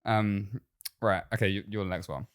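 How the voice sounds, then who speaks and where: A man's voice: lowish voice, fairly even intonation, normal speed, smooth. A man co-hosting a podcast, joking and swearing in casual banter. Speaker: podcast co-host.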